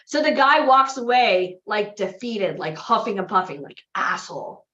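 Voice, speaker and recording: A woman's voice: a little high, lively intonation, normal speed, bright, forceful tone. A woman coaching aspiring actors and models at a live seminar, telling stories and checking in with "right?". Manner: chatty storyteller, often adds "right?". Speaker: acting and modeling bootcamp coach. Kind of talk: motivational seminar talk to a live group. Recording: echoey, slightly dull room recording.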